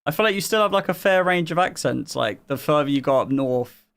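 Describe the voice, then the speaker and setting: A man's voice: on the high side, expressive, brisk, gravelly, fairly bright tone. An English man hosting a live music stream, chatting casually, rambling with fillers and laughing often. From England.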